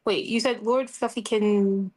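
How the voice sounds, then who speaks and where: A woman's voice: medium pitch, steady tone, measured pace, a crowd in the background. A woman playing in a tabletop game, chatting in a playful, casual way. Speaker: player.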